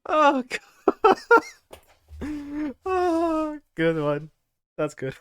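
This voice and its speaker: A man streaming a game live, chatting to viewers with frequent laughter and excitable outbursts. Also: extremely high pitch, very slow, long pauses. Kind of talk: live gameplay commentary.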